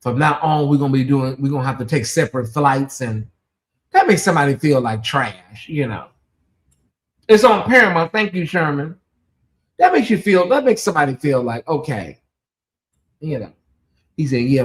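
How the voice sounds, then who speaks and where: This channel host delivers sassy live commentary on a TV show, reading out viewer names and bursting into loud exclamations. The pitch sits in the middle with big swings, the pace is moderate, and there are frequent pauses.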